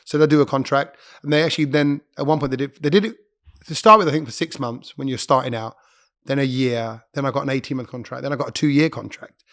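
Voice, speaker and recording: A man, a radio presenter, chatting as a podcast guest and telling stories quickly, often breaking off to correct himself. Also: mid-range voice, fairly bright tone. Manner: quick, chatty storyteller who interrupts himself. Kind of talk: casual interview chat.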